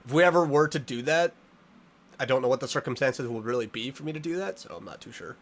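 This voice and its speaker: A man live-streaming a game, chatting with his viewers in an animated, playfully dramatic way. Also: mid-range voice, quick pace. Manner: animated, playfully dramatic, reading and answering chat.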